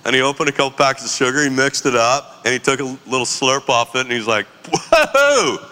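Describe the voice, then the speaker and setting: A man in his forties telling a story in a casual, animated, slangy way. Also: mid-range voice, fast talker, in a large hall. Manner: animated, slangy, laughs often.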